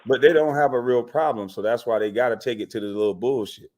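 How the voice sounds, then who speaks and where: A man's voice: mid-range voice, quick pace, darkish tone. Blunt, heated male call-in host. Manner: blunt, profane and confrontational.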